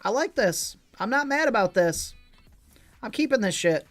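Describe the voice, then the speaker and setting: A man's voice: extremely high pitch, lively intonation, normal speed, fairly bright tone, faint music behind. A man casually commenting on his own online card game as a streamer, joking with chat and swearing freely.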